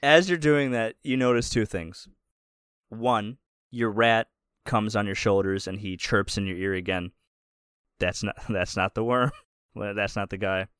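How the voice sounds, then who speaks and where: A man's voice: on the low side, unhurried, fairly bright tone, clear, resonant tone, no room sound, studio quality. A man narrating as game master in a tabletop game, casual and chuckling, with faint music behind.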